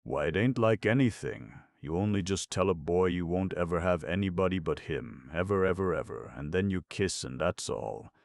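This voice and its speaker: A man's voice: sits low, expressive, normal speed, creaky, few pauses, no room sound, clean studio sound. A man voicing an eager, scheming young schoolboy in an audiobook, coaxing and a little boastful.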